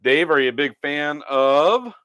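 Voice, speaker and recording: A man's voice: on the high side, lively intonation, unhurried, pushed and bright, clean tone, dry recording. A man from Iowa co-hosting a casual livestream chat, laid-back, often laughing and giving short replies. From Iowa, United States. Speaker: podcast co-host.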